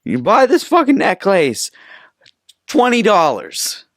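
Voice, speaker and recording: A man voicing a pushy male beach vendor who repeats his sales pitch insistently. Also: huge pitch swings, slow, a bit bright, dry recording, studio quality, heavily acted. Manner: insistent, repetitive street-seller patter.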